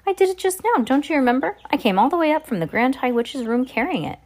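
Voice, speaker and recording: A woman voicing a clever, brave young boy turned into a mouse, in an earnest, quick storybook voice. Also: high voice, sing-song, a little mellow, pitched above the performer's own voice.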